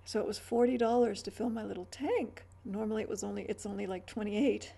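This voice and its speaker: A woman's voice: mid-range voice, fairly even intonation, a little fast, vocal fry, mellow, slightly rough. A middle-aged woman vlogging in a rambling, chatty way, with stammered restarts and trailing asides. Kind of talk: rambling casual chat.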